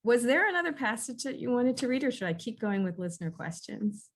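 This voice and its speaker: A woman's voice: on the high side, big pitch swings, brisk. A woman hosting a book club over a video call, chatting casually and putting questions to the author. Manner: conversational, asks questions. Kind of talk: casual chat.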